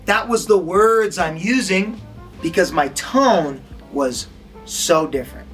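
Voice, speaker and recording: A man's voice: high-pitched, lively intonation, slow pace, a bit bright, faint music behind. A man teaching a lesson as an acting instructor, quizzing his listeners and acting out tones of voice. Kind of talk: recorded lesson to an audience.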